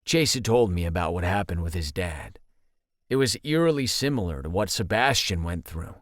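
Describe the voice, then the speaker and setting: A man narrating a first-person audiobook in a steady, even storytelling read. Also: sits low, moderate pace, no echo, clean studio sound.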